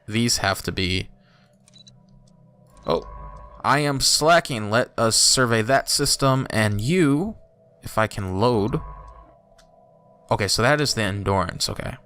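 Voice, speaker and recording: A man talking through a strategy game for his channel, chatty and thinking aloud, with bursts of excited exclaims. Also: on the low side, slow, long pauses, clear, resonant tone. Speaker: YouTuber playing a strategy game. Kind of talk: let's play commentary.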